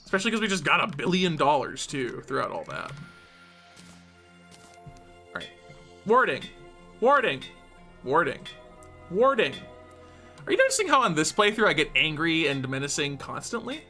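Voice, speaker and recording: Brief: hyper, chatty game streamer with a bouncy, animated delivery. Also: medium pitch, a little fast, pauses often, soft background music. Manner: excitable, jumping between shrieks and muttering. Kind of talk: live gameplay commentary.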